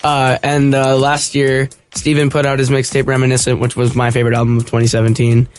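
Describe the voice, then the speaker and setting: A man's voice: mid-range voice, completely flat delivery, a little fast, slight background noise. A teenage male rapper and singer, chatting in a friendly way as a radio guest, with hesitant fillers. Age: teens. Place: radio studio.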